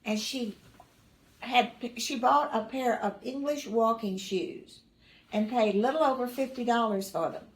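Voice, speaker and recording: Older lady rambling through old family stories, kinda high voice, dry funny bits, echoey room. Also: unhurried. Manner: rambling, self-correcting, dry humor with chuckles. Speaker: mother recalling family stories. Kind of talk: casual personal storytelling.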